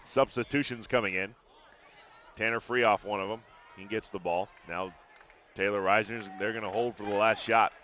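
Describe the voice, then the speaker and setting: A man calling play-by-play of a high school basketball game in brisk, chatty commentary from an arena booth. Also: fairly even intonation, a bit bright, slight background noise. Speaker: play-by-play announcer.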